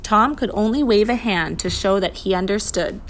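A woman's voice: medium pitch, normal speed. Woman reading a children's storybook. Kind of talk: storybook read-aloud narration.

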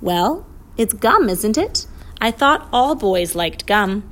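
A woman voicing a kindly but stern older male professor, measured and reasoning, in a storybook reading. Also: on the high side, sing-song. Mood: patient, firm.

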